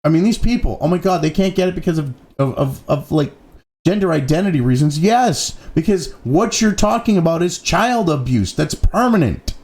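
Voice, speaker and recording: A man's voice: a little high, lively intonation, moderate pace, darkish tone. A man hosting a profane, angry political commentary rant, swearing constantly and mocking opponents.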